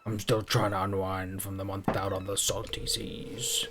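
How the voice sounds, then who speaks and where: A man voicing an old fisherman with a pirate's past, using hearty, booming sailor talk. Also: flat delivery, moderate pace, noisy background, lightly acted. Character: gruff old male fisherman, ex-pirate type.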